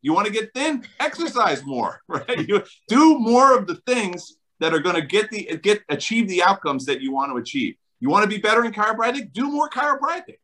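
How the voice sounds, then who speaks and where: Middle-aged New Jersey man, emphatic and enthusiastic interview guest, bright lively delivery. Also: sits high, fairly quick, hardly any pauses, poor audio. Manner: enthusiastic, emphatic, laughs often. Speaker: chiropractor guest. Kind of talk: animated interview talk.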